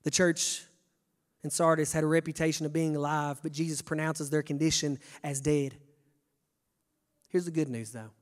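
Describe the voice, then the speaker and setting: A young man preaching a sermon, stammering on restarts and swinging from hushed to shouting. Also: fairly high pitch, steady tone, normal speed, long pauses. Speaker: pastor. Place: church sanctuary. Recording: long church reverb.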